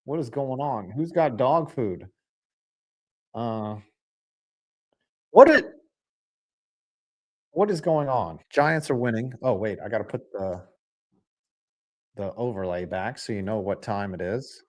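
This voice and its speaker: A man streaming a live football reaction, excitable and rambling, swinging from loud outbursts to low mutters. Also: a little slow. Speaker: sports streamer.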